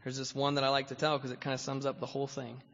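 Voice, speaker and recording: A man speaking as guest at a recovery meeting, telling his story in a lively way and acting out what other people said, getting loud when excited. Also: mid-range voice, rapid-fire, vocal fry. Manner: animated, acts out voices of others, grows loud when excited. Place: meeting hall. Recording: echoey hall, dull lo-fi recording.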